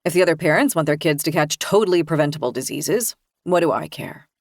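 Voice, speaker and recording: A woman reading the lines of a cold, dismissive young husband, pitched a little lower. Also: quick pace, no room sound, studio quality. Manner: hostile, dismissive.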